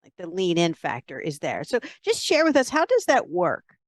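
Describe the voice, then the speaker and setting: A woman's voice: lowish voice, wildly swooping pitch, normal speed, no echo. A woman hosting a podcast interview, encouraging her guest and laughing often. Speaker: podcast host. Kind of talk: conversational interview.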